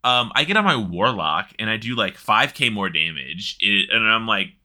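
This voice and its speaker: Male co-host, lowish voice, lively and bright, casual gaming banter. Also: normal speed. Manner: animated, chatty, swears casually. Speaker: podcast co-host.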